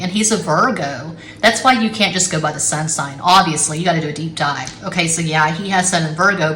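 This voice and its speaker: A middle-aged woman reads tarot in a loose, rambling monologue, blunt and quick to curse. Her voice sits fairly low but sounds bright and forceful. The room is echoey, with a faint hiss of noise behind her. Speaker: tarot reader. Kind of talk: casual tarot reading monologue.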